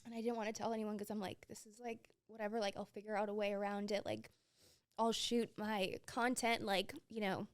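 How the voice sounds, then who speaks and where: A woman's voice: mid-range voice, little pitch movement, brisk, smooth. A young woman hosting a podcast, candidly telling a personal story with many filler words and open emotion. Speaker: podcast host.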